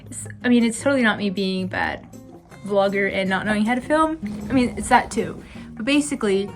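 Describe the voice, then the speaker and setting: A woman's voice: mid-range voice, big pitch swings, fairly quick, faint music behind. A young adult woman vlogging in a casual, chatty way, dramatically complaining and using lots of "like" fillers. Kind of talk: casual vlog chat.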